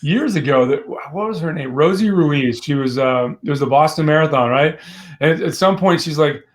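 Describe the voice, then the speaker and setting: Earnest encouraging man, slightly high voice. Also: a little fast. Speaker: podcast co-host. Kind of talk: casual chat.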